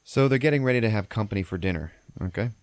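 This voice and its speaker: A man's voice: on the low side, animated, fast, no echo. A man hosting a podcast, retelling a film plot in a loose, profane, rambling way. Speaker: podcast host. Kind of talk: casual film recap.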